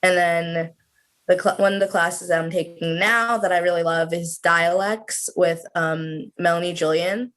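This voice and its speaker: A woman's voice: lowish voice, fairly even intonation, unhurried, a bit bright. A woman of about twenty, a student guest on a video call, chatting casually with lots of "like" fillers. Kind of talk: casual interview chat.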